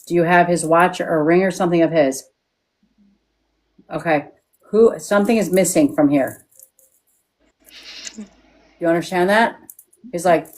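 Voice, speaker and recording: Low-voiced woman medium giving readings. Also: unhurried, long pauses, a little mellow. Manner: frank, repeats questions for yes or no. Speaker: psychic medium. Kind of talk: live-stream reading.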